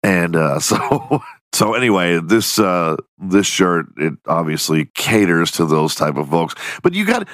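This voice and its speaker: Man, casual comedy podcast host, profane, laughs a lot, very low voice, dry close sound. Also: no echo. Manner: profane, joking, laughs often.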